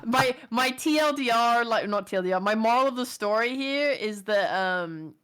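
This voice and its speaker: A young woman streamer telling a story in casual chat, animated, swearing and laughing often. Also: fairly high pitch, moderate pace, clean tone. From England.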